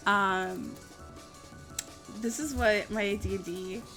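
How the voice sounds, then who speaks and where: A woman's voice: medium pitch, steady tone, takes it slowly, a bit bright, soft background music. A young adult woman streaming live, chatting casually with viewers in a giggly, rambling way and swearing freely. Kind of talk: casual chat while answering viewer questions.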